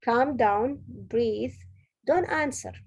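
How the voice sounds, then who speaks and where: Husky, gravelly woman giving career advice. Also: a little high, very slow, rough recording. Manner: earnest, direct, advising with frequent self-corrections. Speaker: senior director giving a talk. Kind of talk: motivational advice talk.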